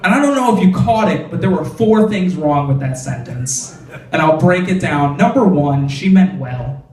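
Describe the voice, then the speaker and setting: A young man tells stand-up jokes in a loose, chatty way, dropping in lots of "like" before each punchline. His voice sits a bit high. It echoes around the club and sounds a little distant from the mic. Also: animated, moderate pace, a little mellow. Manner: conversational, frequent "like" fillers, punchy punchlines. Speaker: stand-up comedian. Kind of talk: stand-up comedy set. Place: comedy club stage.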